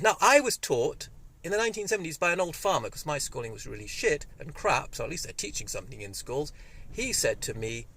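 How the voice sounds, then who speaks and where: A man in his fifties, rambling and excitable in a casual monologue, speaking through a cold. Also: on the high side, fairly quick, vocal fry, no echo. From Wales. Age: 50s. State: has a cold. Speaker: vlogger. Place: indoors, sunny room.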